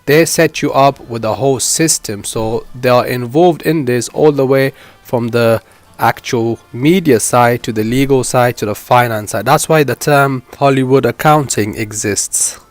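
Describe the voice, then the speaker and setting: A man's voice: mid-range voice, unhurried, dry recording, faint music behind. A man hosting his own channel, giving an earnest, emphatic commentary that breaks down a rapper's story for his viewers. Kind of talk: reaction commentary.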